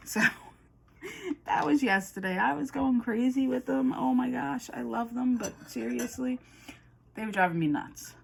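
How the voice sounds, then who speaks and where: A woman's voice: a little high, expressive, moderate pace, vocal fry, breathy edge. A woman vlogging her craft hobby in a casual, rambling chat to camera, often laughing.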